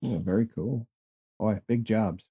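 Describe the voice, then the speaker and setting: Male podcast host interviewing a guest; enthusiastic, mellow tone. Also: lowish voice, measured pace, slightly rough. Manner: enthusiastic, asks questions.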